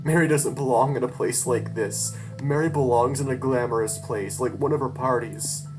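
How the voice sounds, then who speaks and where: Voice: medium pitch, moderate pace. A storyteller reading a first-person horror story aloud, with an emotional, tearful delivery and frantic outbursts. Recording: guitar music playing behind the voice.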